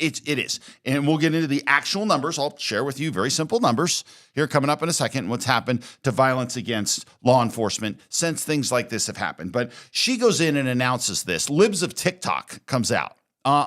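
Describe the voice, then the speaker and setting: A man's voice: medium pitch, fairly bright tone. A man hosting a political talk show, speaking from New Mexico, arguing his points emphatically and often repeating words as he builds up. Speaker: podcast host. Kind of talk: political commentary chat.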